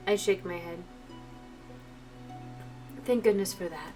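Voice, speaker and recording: A woman's voice: lowish voice, takes it slowly, warm tone. A woman streamer reading a visual novel aloud, breaking off into emotional, chatty asides to her viewers, from a distant mic with faint music behind.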